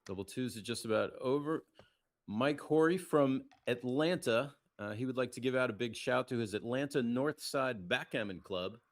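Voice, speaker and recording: A man giving live play-by-play commentary on a backgammon match, chatty and casual, reading out viewer comments and keeping his voice down so the players won't hear him. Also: moderate pace. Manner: lowers his voice to stay quiet near the players.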